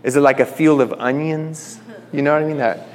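A man with a somewhat high voice teaches scripture in a loose, chatty way, reading verses and then retelling them in slang. His voice rings with the long reverb of a large hall. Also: fairly even intonation, a little fast. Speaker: Bible teacher. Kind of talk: casual Bible teaching.

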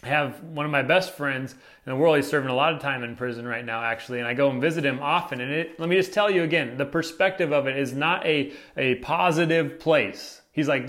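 A man's voice: medium pitch, fairly quick, few pauses, a bit bright. A young man preaching a casual, conversational sermon as a pastor, often tossing in "right?" and "like" while telling stories to his congregation.

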